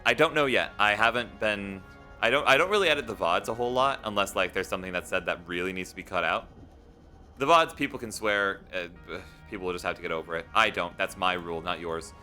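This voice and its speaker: A man chatting casually while live streaming a video game, rambling and swinging between loud pleading and quiet mumbling. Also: lowish voice.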